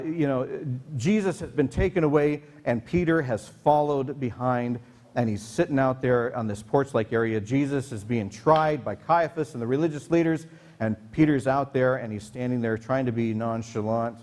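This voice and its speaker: A man's voice: medium pitch, normal speed, a little mellow. A man preaching a casual sermon as pastor, talking conversationally with many fillers and restarts, sometimes acting out the voices in the story.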